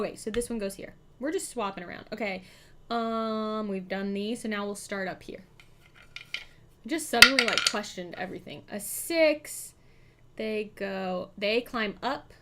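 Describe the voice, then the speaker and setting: A woman's voice: on the high side, a little hiss or hum. A woman hosting a live board game stream, chatting, thinking aloud about her moves and thanking her chat. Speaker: streamer host.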